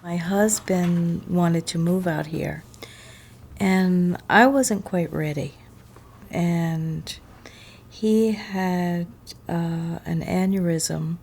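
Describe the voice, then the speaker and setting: A woman in an interview speaking slowly and quietly about personal matters. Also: on the low side, creaky, a little hiss or hum. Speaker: homeowner interviewee.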